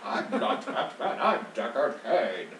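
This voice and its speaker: Male gamer doing a slow, gruff old sage-villain voice, pitched up and drawn out; roomy, distant mic. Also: huge pitch swings, fairly bright tone, full character voice. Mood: mocking. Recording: echoey room, mic at a distance, faint noise.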